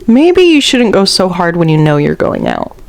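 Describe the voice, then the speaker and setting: A woman's voice: fairly low pitch, very animated, normal speed, creaky, darkish tone. A young woman co-hosting a casual podcast, answering with short, supportive interjections and teasing asides. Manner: supportive listener with short backchannels. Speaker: podcast co-host. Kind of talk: casual chat.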